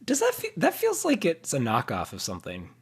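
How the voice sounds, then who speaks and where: A man's voice: on the high side, huge pitch swings, brisk, husky. A man co-hosting a podcast while sick, chatting casually and self-deprecatingly with frequent laughs. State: sick with covid. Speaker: podcast co-host. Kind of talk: casual chat.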